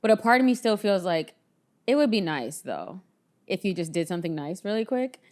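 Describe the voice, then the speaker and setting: A woman's voice: mid-range voice, expressive, brisk, darkish tone. A woman co-hosting a podcast in casual chat, talking in a chatty storytelling way and laughing often. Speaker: podcast co-host.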